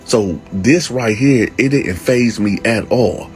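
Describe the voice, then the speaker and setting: A man's voice: on the low side, takes it slowly, faint music behind. A man who hosts a channel, casually and emphatically telling a prison story and often calling out to his listeners. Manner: emphatic, streetwise, keeps addressing the audience.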